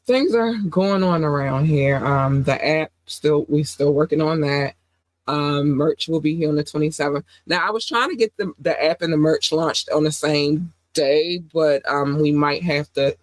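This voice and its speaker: A woman hosts a casual livestream podcast, sounding under the weather and lower in energy than usual. She talks in an affectionate, rambling way, full of "um"s. The close, dry recording has no room sound. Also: no room sound, rough recording. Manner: affectionate, rambling, with many fillers. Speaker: podcast host.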